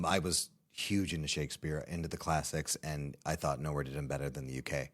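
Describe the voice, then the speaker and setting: A man's voice: very deep voice, quick pace, hardly any pauses. A man from Illinois in his thirties, a guest actor telling stories with plenty of laughter in a casual podcast interview. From Illinois, USA. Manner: animated, laughing storyteller. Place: podcast studio.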